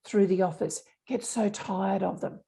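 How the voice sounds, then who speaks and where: Mellow woman explaining earnestly. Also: mid-range voice, steady tone, normal speed, gravelly. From Australia. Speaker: unconscious bias specialist. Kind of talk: interview conversation.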